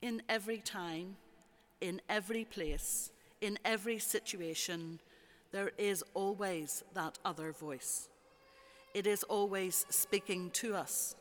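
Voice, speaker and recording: A preacher giving a measured, rhetorical sermon with repeated phrases, recorded in a church. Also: mid-range voice, fairly bright tone. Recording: long church reverb.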